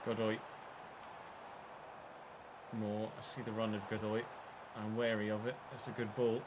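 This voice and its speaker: A man's voice: lowish voice, flat delivery, unhurried, background noise. A young man streaming a football video game, calling the play like a match broadcaster, with muttered asides and the odd outburst. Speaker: gaming streamer. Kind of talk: live game commentary.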